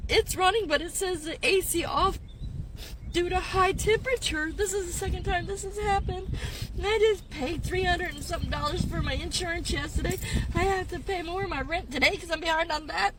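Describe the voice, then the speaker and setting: A gig delivery driver in her fifties sits in her car in a parking lot, crying and stressed as she vents to her phone camera for social media. Her extremely high voice runs a little fast, and she keeps breaking into nervous laughs amid the distress.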